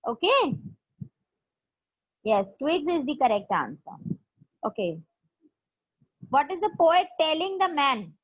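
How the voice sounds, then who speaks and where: A woman teacher with an Indian English accent leads an online class, patiently asking each question twice and encouraging her students. Her voice sits high. The audio is dull and lo-fi, as from a video call. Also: very animated, takes it slowly, pauses often.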